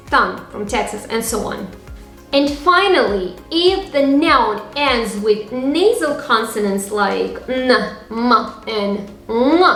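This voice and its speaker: Slow, careful woman teacher. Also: on the high side, creaky, fairly bright tone. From Tatarstan, Russia. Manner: spells out endings sound by sound, repeating each example. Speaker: language teacher. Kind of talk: slow, careful phrasebook lesson. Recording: echoey room with faint music.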